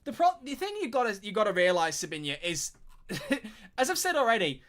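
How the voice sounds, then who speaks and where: A man talks fast on his live stream, with a high, bright voice. He reacts to chat in animated rants and swears freely.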